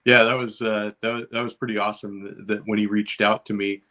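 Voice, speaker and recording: A man's voice: lowish voice, level tone, brisk, bright, forceful tone. A man joining a casual live chat from home, easygoing and agreeable.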